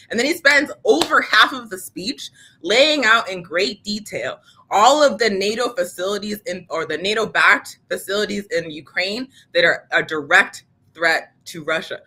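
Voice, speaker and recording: A woman's voice: mid-range voice, bright, forceful tone, slightly rough. A woman co-hosting a political news show, speaking casually and passionately, with sarcasm and lots of fillers. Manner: fiery and sarcastic, casual with frequent "like". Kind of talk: impassioned political commentary.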